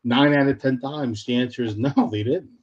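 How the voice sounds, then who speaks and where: Blunt, animated man on a lo-fi line. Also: medium pitch, normal speed. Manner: blunt, animated storytelling with acted-out quotes. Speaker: real estate short sale specialist, podcast guest. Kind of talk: casual interview talk.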